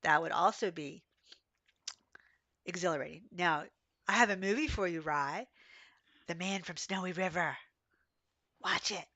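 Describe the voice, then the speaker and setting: A woman streaming a game, hoarse and coughing from being sick, chatting and telling rambling stories as she plays. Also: lowish voice, measured pace, pauses often, bright, forceful tone, no echo. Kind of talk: casual livestream chat while playing.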